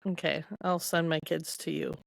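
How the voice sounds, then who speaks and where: A woman's voice: low-pitched, steady tone, normal speed, gravelly, no room sound. A woman and mother of two co-hosting a casual book podcast, wry and blunt. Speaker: podcast co-host. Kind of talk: casual book-club chat.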